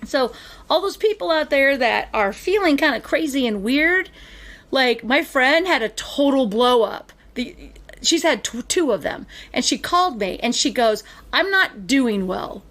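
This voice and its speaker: A woman hosting a podcast, telling stories in casual chat with animated emphasis. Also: high voice, unhurried. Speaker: podcast host.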